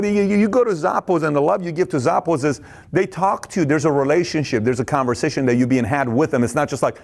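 A man giving an intense, high-energy business talk, who acts out little scenes of dialogue and sometimes stammers and repeats words. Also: fast, creaky. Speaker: business speaker.

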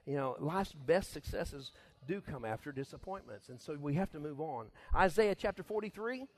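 A middle-aged man preaching a casual sermon as pastor, folksy and quick to laugh, acting out little voices. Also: a little high. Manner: laughs often, folksy and animated, acts out voices.

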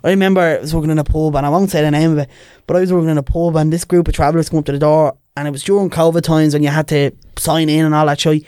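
A man's voice: a little high, racing, clear, resonant tone, no echo, clean studio sound. A young man with a Dublin accent, a podcast guest telling stories in casual chat and putting on voices for the people in them. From Ireland. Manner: lively, animated, puts on voices in anecdotes.

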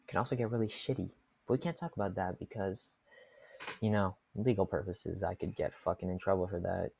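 A woman's voice: very deep voice, fairly even intonation, fairly quick, vocal fry, warm tone, a little hiss or hum. A young woman telling work stories in a casual storytime style, swearing freely and laughing often.

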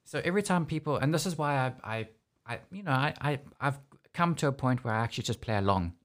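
A man's voice: medium pitch, animated, fast. A man with a South African accent hosting a studio interview, chatting in a rambling way and often correcting himself. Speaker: host.

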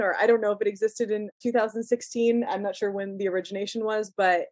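A woman's voice: medium pitch, flat delivery, fast talker, a little mellow, dry recording. A woman hosting a podcast who asks questions in a chatty, enthusiastic way. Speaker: podcast host. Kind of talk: casual interview.

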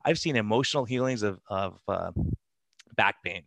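A man, a physician, telling animated stories in an interview, laughing as he acts out the people in them. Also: on the low side, normal speed, creaky, no echo. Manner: animated, laughing anecdotes with quoted voices. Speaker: physician guest. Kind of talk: conversational storytelling interview.

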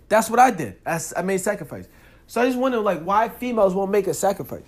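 Man, young adult, podcast host, casual monologue, animated, fairly high voice. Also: fast talker. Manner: animated, talks straight to the listener, rising loud when worked up.

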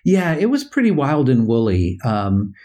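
Older American male guest, halting storyteller who acts out voices, casual interview. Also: medium pitch, huge pitch swings, dark tone. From United States.

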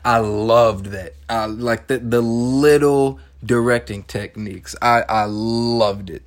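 A young man in his twenties talks through a film scene by scene in a loose, animated way. His voice sits at an ordinary middle pitch. He swears casually and drops in wry jokes between plot points. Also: slow pace. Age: 20s. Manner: animated, swearing, joking asides. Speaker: film reviewer. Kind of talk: casual movie recap monologue.

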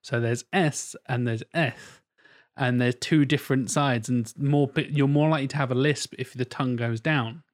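A man's voice: mid-range voice, steady tone, moderate pace, hardly any pauses. Enthusiastic male podcast host. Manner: enthusiastic, rambling, mimics voices. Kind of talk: casual podcast chat.

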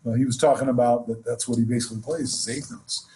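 Very smooth-voiced man teaching jazz. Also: mid-range voice, fast, soft background music. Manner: relaxed explanatory, counts off beats. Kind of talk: instructional lesson with playing examples.

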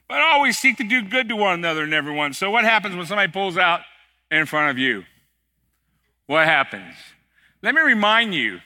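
A middle-aged male pastor preaching in a church, mixing scripture with jokes and playful emphasis. His voice is slightly high and very bright, with a forceful edge when he presses a point. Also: very animated, moderate pace. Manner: conversational, joking, emphatic. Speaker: executive pastor. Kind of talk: sermon. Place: church sanctuary.

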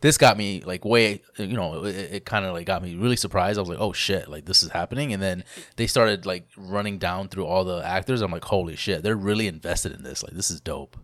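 A man's voice: deep voice, brisk, a bit bright, dry recording. A man co-hosting a casual gaming podcast, laid-back and curious. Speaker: podcast co-host. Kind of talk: casual gaming news chat.

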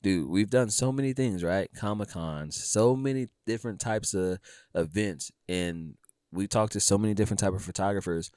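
A man talking casually on a podcast about his photography work, telling animated stories and acting out dialogue. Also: lowish voice, normal speed, no room sound, studio quality. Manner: animated storyteller, acts out dialogue, says dude and bro.

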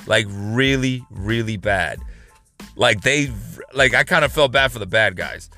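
A man's voice: lowish voice, a little slow, sharp tone, faint music behind. A man recording a casual vlog from his parked car, telling a story in a loose, rambling way with frequent swearing and laughter. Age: adult. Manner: rambling, profane, laughing rant. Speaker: vlogger host. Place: parked car in a work parking lot.

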